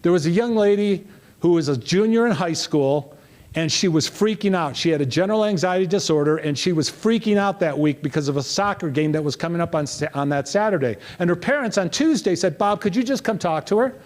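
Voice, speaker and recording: A man's voice: a little high, a little fast. A middle-aged man giving a motivational keynote talk, telling stories and acting out the dialogue. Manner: animated, acts out dialogue in quoted voices. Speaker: motivational speaker.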